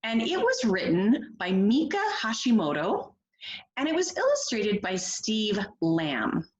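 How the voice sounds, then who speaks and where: In this read-aloud lesson, a teacher guides first graders through a picture book, prompting them with encouraging questions and expressive delivery. She has a medium-pitched voice, keeps a measured pace, and the audio quality is poor.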